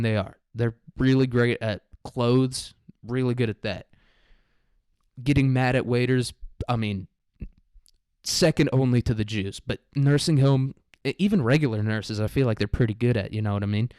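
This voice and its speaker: A man's voice: medium pitch, darkish tone, smooth, no echo, studio quality. A man hosting a podcast, rambling through a crude, irreverent comedy monologue full of "like" fillers. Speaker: podcast host.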